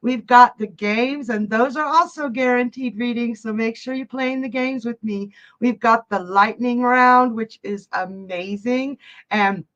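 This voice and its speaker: A woman's voice: fairly high pitch, measured pace, highs cut off. A woman hosting a live psychic reading stream, chatty and upbeat, greeting viewers and reading their chat messages aloud.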